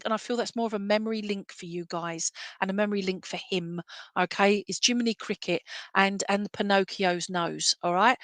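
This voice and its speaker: Woman medium, mid pitch, chatty and reassuring, dry close mic. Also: fairly bright tone, dry recording. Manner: chatty, reassuring, asks if messages make sense. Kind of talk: online clairvoyant reading.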